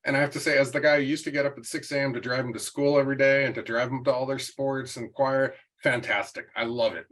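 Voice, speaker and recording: A man in his forties hosts a podcast in a chatty, joking, storytelling manner. His voice sits in a mid-range pitch, and his delivery is loose and easygoing. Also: fairly even intonation, fast talker, few pauses, fairly bright tone, rough recording. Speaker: podcast host. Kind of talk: casual interview chat and anecdote.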